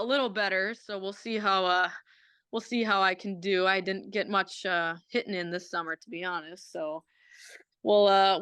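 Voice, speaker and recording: A woman's voice: mid-range voice, fairly bright tone, smooth, no echo. A young woman, a college athlete, chatting casually in an interview, often repeating words and using fillers. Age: young adult.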